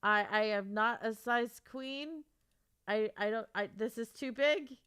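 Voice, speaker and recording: A high-pitched woman livestreaming to her viewers in casual chat, excitable, repeating herself and swearing freely. Her voice is smooth and clear, recorded dry and close with no room sound. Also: measured pace, no room sound. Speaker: livestreamer and author. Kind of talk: casual live stream chat.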